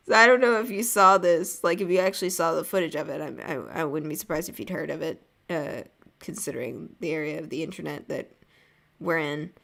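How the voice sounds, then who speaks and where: A woman's voice: deep voice, creaky, fairly bright tone. A young woman from the United States chatting casually while drawing on a stream, rambling and laughing often. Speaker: artist streaming a drawing session.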